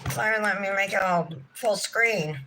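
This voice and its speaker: Bright-voiced exasperated woman streamer. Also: mid-range voice, brisk, a little hiss or hum, poor audio. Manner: exasperated, talks to herself and the chat. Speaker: nail art livestream host. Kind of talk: casual livestream chat to viewers.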